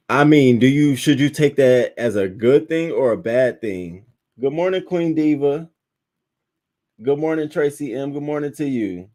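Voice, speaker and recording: A man's voice: medium pitch, moderate pace. A man hosting a casual live stream, chatting with viewers, thanking them by name and retelling viral clips with laughter and mimicry. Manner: animated, laughing storyteller who greets viewers by name. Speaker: livestream host.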